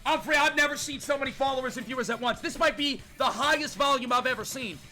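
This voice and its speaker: An excitable young man with a strikingly high, bright voice streams a game live, hyping up his chat and yelling in disbelief. Game music plays softly behind him. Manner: hyped, shouting at chat, rapid exclamations.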